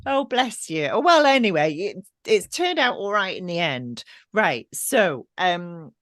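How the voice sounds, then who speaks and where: Low, lively woman host. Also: a little slow, no echo, clean studio sound. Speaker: interview host. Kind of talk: casual interview chat.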